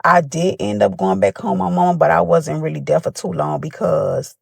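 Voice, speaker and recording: A woman with a squeaky voice telling a rambling personal story with many fillers. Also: sing-song, a little fast, gravelly, a little mellow, slightly rough, dry recording. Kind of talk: casual storytime.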